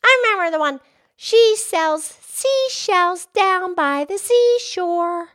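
A squeaky bubbly pig host. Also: female voice, expressive, takes it slowly, a bit bright, heavily acted. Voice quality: very high squeaky put-on voice. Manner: bubbly, enthusiastic. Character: cheerful cartoonish pig girl podcast host. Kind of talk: kids' podcast character play.

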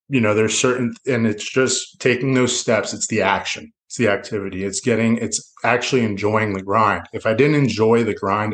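A middle-aged man from South Florida speaks in a low, easygoing register. He rambles reflectively as a podcast guest, often restarting and circling back to a point. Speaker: podcast guest, loan officer. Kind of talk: casual interview talk.

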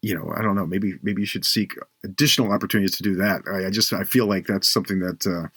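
A man hosting a faith podcast, telling a personal story earnestly and slowing down for emphasis. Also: low-pitched, fairly even intonation, a bit bright, breathy edge, dry recording, studio quality.

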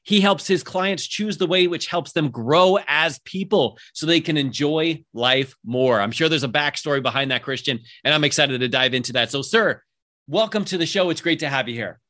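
An upbeat man hosting a casual podcast interview, his voice sitting a little high for a man. He is middle-aged and from Southern California, and he talks with eager energy, dropping in plenty of ums. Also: moderate pace, sharp tone. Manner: upbeat, enthusiastic, many fillers. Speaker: podcast host.

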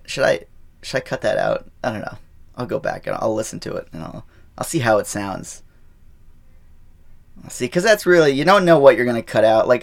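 A man hosting his podcast alone in casual, rambling talk full of fillers and deadpan irony, recorded in a small booth at an airport. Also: mid-range voice, vocal fry. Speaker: podcast host. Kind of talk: casual solo podcast monologue.

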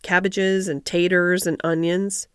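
A woman voicing a grumpy old male gardener in a storybook reading, with Yorkshire dialect and a gruff, grumbling, reluctant way of talking. The recording is dry and close. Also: lowish voice, flat delivery, dry recording, lightly acted. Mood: grudging. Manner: slow, reluctant, terse. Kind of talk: audiobook character voice.

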